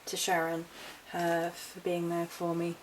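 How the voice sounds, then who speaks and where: Chatty woman with a lowish voice. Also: completely flat delivery, measured pace, background noise. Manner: chatty, rambling, self-correcting. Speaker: witchcraft vlogger. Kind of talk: casual haul vlog.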